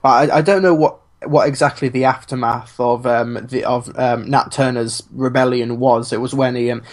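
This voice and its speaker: A man's voice: mid-range voice, steady tone, normal speed. A man co-hosting a podcast, talking casually with many ums and a dry sense of humor. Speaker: podcast co-host. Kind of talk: casual chat.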